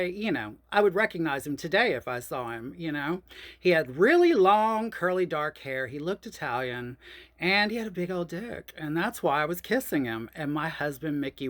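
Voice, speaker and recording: A woman, telling a personal story in a chatty, profane, animated way. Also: fairly low pitch. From New Orleans, USA. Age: 50s. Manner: animated, profane, chatty, addresses listeners as y'all. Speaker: host.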